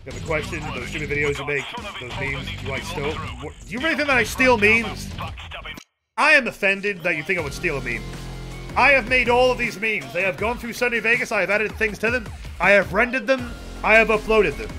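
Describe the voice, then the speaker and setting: A man with a high, bright voice rambles through a casual live stream, swearing freely as he answers chat. His pitch swings all over the place, and faint music plays behind him. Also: lively intonation, fairly quick. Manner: rambling, heavy casual swearing, chatty with viewers.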